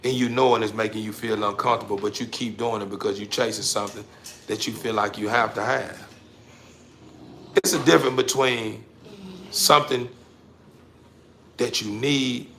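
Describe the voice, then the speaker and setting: A social media commentator delivers a preachy, street-talk motivational rant aimed right at the listener. He repeats himself and lurches between low muttering and loud, emphatic bursts, with faint hiss or hum in the background.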